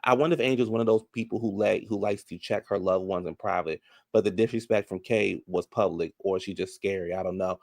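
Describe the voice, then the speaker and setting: A man giving a sassy, casual recap of a reality show, talking back to what happened on screen, drawling some words and rushing others. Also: low-pitched, vocal fry, a little mellow, no echo, clean studio sound.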